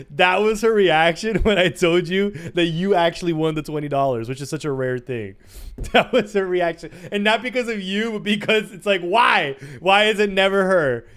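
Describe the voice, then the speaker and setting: A man's voice: high voice, unhurried, a bit bright. A man livestreaming in a playful, teasing way, chatting to his audience and breaking into sing-song bits. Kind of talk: casual chat to a live stream audience.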